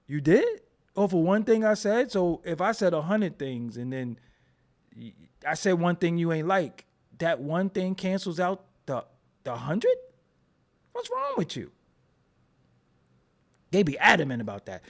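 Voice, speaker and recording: A man's voice: fairly high pitch, big pitch swings, unhurried, long pauses. A man hosting a casual livestream, ranting at his chat in a profane, mocking way. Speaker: show host.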